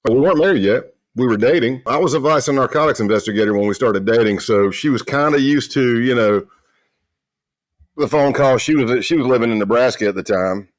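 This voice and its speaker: A middle-aged man, a retired federal agent from South Carolina, telling stories in a loud, brash, boisterous way in a casual interview. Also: mid-range voice, fairly quick, dry recording. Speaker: guest, retired FBI agent.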